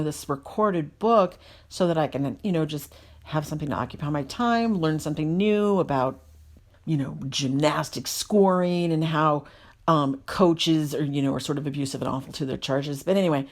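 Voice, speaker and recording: A woman's voice: deep voice, moderate pace. Exasperated woman telling a rant. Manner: animated, exasperated, self-deprecating. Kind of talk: casual storytelling rant.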